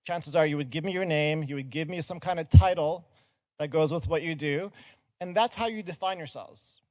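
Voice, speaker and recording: A man's voice: on the high side, moderate pace, darkish tone, dry recording. A middle-aged man giving an earnest, explanatory talk from a conference stage and engaging the audience directly. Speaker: conference speaker.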